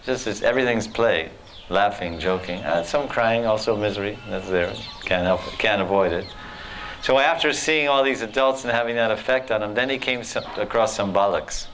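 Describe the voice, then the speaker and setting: A man telling devotional stories in a sermon, animated, acting out characters and laughing often. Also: on the low side, normal speed, slight background noise. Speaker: spiritual teacher. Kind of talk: storytelling sermon.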